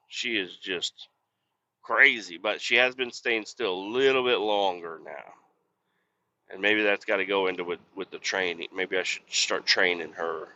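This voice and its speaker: Driving a truck, a podcast host rambles through laid-back stories, cursing freely as he goes. His voice is low with a sharp edge, and the dull audio carries a faint hiss or hum from the cab.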